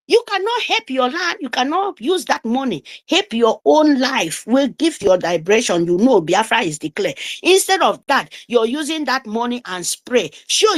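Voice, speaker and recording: A middle-aged woman, giving an impassioned, scolding speech on a live audio call, emphatic and repetitive. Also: on the high side.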